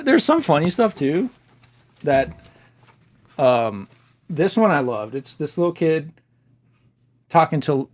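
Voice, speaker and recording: A man's voice: mid-range voice, dry recording. A man casually reviewing a book he loved, enthusiastic and chatty, laughing easily.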